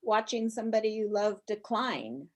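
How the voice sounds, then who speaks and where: Quiet, sympathetic woman on a call. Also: mid-range voice, expressive, moderate pace. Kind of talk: empathetic video-call chat. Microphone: video call.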